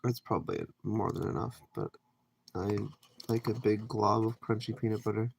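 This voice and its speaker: In a lowish, gravelly voice with a steady tone and moderate pace, a Canadian livestreamer talks with his viewers while cooking at home in the kitchen. He reads their comments and meanders through his responses, over slight background noise.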